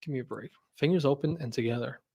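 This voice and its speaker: A man's voice: mid-range voice, quick pace, gravelly, mellow, slightly rough. A man hosting a casual livestream, rambling and jokey, laughing often and second-guessing himself. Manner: jokey ranting. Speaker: host.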